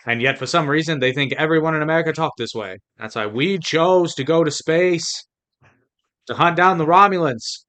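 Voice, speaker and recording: A man voicing a pompous, old-fashioned chauvinist gentleman with a put-on transatlantic accent, lofty and mock-serious. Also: a little high, moderate pace, pitched above the performer's own voice, lightly acted. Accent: mid-Atlantic put-on accent.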